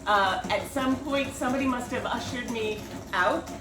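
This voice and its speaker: A middle-aged woman tells a self-deprecating story from her past, slipping into the voices of the people in it. Her voice sits a touch high. She is picked up from across a roomy home kitchen, with steady noise behind her. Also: moderate pace. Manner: self-deprecating, animated storytelling with acted-out quotes. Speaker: writer and storyteller. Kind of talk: personal storytelling monologue. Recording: roomy home recording from a distance, with background noise.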